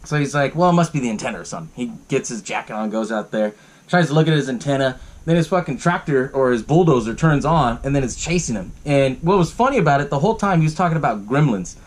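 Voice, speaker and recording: A man's voice: mid-range voice, expressive, quick pace. A man hosting a podcast, casually recapping a movie, swearing often and laughing along. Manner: profane and laughing, lots of fillers. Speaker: podcast host.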